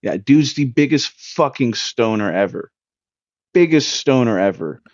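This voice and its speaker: Young dude podcast host, super lively pitch, cussing, kinda muffled dry mic sound. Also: male voice, a little slow, dry recording. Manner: animated, profane, swings his voice up when excited. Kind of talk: casual storytelling.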